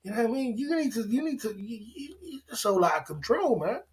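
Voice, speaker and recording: A man's voice: very high-pitched, very animated, fast. A man hosting a livestream, tipsy and laughing as he rants in a repetitive, swearing, casual way. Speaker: livestream host. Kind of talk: rambling livestream rant.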